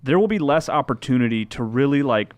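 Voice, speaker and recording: A man co-hosting a podcast panel, talking quickly and earnestly with many fillers. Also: medium pitch, expressive, no echo. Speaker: podcast co-host. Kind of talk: casual panel discussion.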